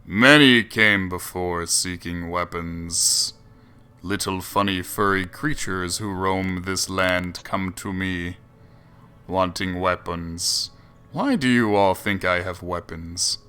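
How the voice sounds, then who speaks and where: A man doing a slow booming ancient turtle spirit. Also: pushed and bright, smooth, heavily acted. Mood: puzzled. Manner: slow, ponderous, questioning.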